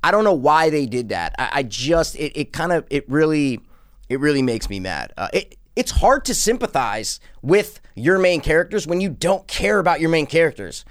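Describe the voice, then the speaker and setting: A man co-hosting a casual movie review chat, talking in a rambling, animated way with many restarts. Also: fairly high pitch, normal speed, no echo, clean studio sound. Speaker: podcast co-host.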